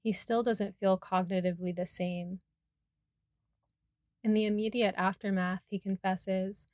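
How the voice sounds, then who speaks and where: A woman reading her personal memoir aloud in a soft, reflective, intimate way. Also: medium pitch, steady tone, unhurried, pauses often, no room sound, studio quality. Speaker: narrator.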